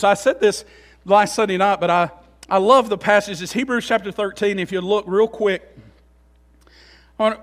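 A pastor preaching a sermon, swinging between loud, emphatic passages and quiet, low asides, often repeating and restarting his phrases.

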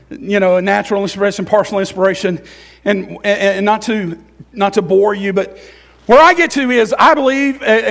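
A middle-aged pastor with a strikingly high, gravelly voice delivers a live sermon to his congregation in a church sanctuary. Openly emotional, he swings between fervent, loud stretches and soft, musing asides.

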